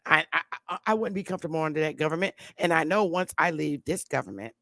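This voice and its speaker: A woman's voice: low-pitched, quick pace, bright, forceful tone, dry recording, studio quality. A woman from New England hosting a livestream, giving an impassioned monologue in a blunt, profane and emphatic way. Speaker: livestream host.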